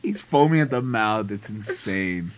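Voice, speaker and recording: A man's voice: lowish voice, expressive, measured pace. A man co-hosting a podcast, riffing and laughing in casual comedic chat. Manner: laughing, riffs on the bit. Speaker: podcast co-host.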